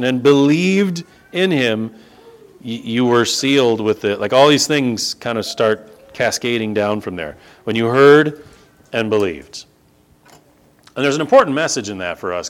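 A middle-aged man preaching a sermon as pastor, animated, with sarcastic asides and emphatic repetition. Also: mid-range voice, moderate pace.

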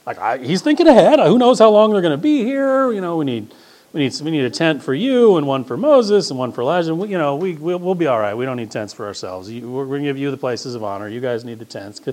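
A middle-aged man preaching a sermon as pastor, swinging between loud emphasis and hushed, quiet asides. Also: a little high, very animated, fast talker.

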